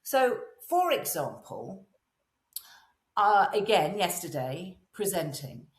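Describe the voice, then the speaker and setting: Woman, lively animated pitch, echoey room, interview guest, acts out the voices she quotes. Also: slow. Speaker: guest, voice and presence coach. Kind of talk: casual interview chat.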